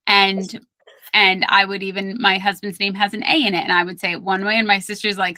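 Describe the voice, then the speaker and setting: A woman with a Brooklyn accent talks through speech therapy as a podcast guest. Her voice is bright and forward, recorded close and dry with no room sound. She explains patiently, circling back and repeating words for emphasis. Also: mid-range voice, fairly even intonation, moderate pace, dry recording. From Brooklyn, New York. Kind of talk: podcast interview.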